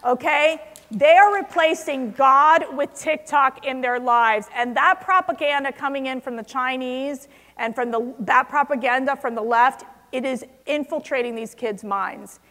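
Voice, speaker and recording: Woman, conference speaker, passionate, emphatic, high-pitched, reverberant hall. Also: measured pace, fairly bright tone. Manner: passionate, emphatic, rising to strong stresses. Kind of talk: speech to a conference audience. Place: large convention hall.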